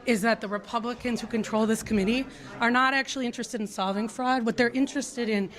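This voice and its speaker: A woman state representative answering a reporter's questions in a measured, deflecting way. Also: fairly high pitch, steady tone, fairly bright tone. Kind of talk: defensive on-camera answers.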